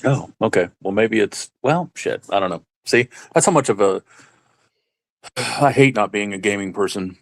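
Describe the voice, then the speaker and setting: A man co-hosting a casual live-stream chat, rambling and halting with many fillers and restarts. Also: fairly low pitch, lively intonation. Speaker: stream co-host.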